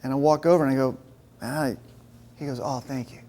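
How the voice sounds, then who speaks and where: A man's voice: mid-range voice, steady tone, fairly quick, warm tone. A man giving a conversational talk to a men's group, telling personal stories and acting out the dialogue. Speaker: men's ministry speaker. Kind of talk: sermon told through personal stories.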